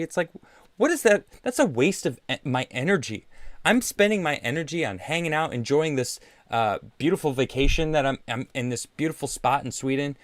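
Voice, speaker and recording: A man hosting his own livestream show, talking casually in a sarcastic, animated and defensive way, often laughing. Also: mid-range voice, no echo. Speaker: show host. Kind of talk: casual solo livestream talk. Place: vacation home.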